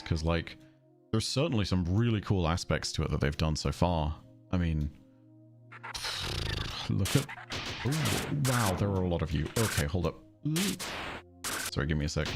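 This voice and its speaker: A man with a southern English accent streaming a game, chatting casually in a rambling way and breaking off to react to the game. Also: sits low. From England. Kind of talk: casual livestream chat while gaming.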